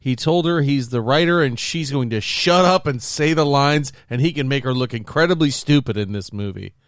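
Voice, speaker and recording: A man's voice: mid-range voice, moderate pace, no room sound, clean studio sound. A man hosting a casual group podcast, leading the topics with playful teasing. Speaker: podcast host.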